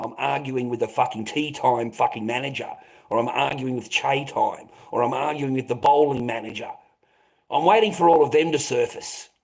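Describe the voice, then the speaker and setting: On a casual livestream, a middle-aged man with a mid-range voice goes on an agitated rant full of swearing. When he gets worked up, his voice rises. The sound quality is poor.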